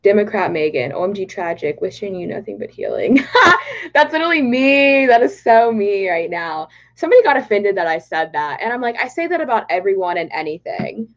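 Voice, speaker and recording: A woman's voice: mid-range voice, big pitch swings, fairly quick. Giggly young woman chatting on a livestream. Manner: bubbly, giggly, reads chat comments aloud. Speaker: livestream host. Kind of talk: casual livestream chat. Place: home in Texas. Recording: slightly dull livestream audio.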